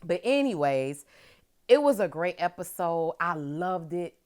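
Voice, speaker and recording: A woman hosting a casual TV episode recap, animated and chatty and swearing freely. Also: on the low side, a little slow. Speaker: host of a TV recap show.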